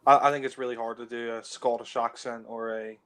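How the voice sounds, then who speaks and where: A man talking over a movie in a relaxed commentary. His pitch sits in the middle, and he hedges and restarts his sentences with plenty of "you know". It sounds like a home mic. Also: fairly quick. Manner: hesitant, many "you know" fillers and restarts. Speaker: film commentator. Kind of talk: casual film commentary chat.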